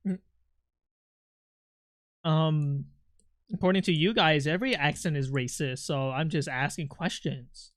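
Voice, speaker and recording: A man's voice: fairly high pitch, fairly bright tone, dry recording. Male streamer, English not his first language, teasing, cursing, joking with chat, dry close mic. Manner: playful, teasing, swears freely, answers chat aloud. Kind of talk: casual live-stream chat.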